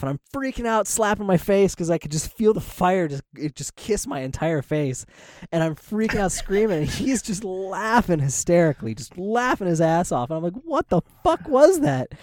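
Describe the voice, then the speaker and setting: A man's voice: high-pitched, a little mellow, dry recording, studio quality. A man co-hosting a podcast, telling a story in casual chat, laughing often and swearing freely. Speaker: podcast co-host.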